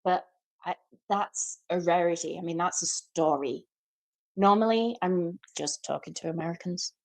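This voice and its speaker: A woman from Liverpool with a softened Scouse accent, co-hosting a podcast and telling stories in casual chat. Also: fairly low pitch, normal speed. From Liverpool, England. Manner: animated storyteller. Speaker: podcast co-host.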